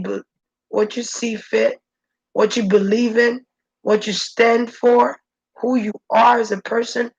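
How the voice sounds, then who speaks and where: A woman's voice: vocal fry, breathy edge, lo-fi sound. A woman speaking as a channeler in an intense, preachy spirit-channeling monologue. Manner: intense, preachy, shifting pitch.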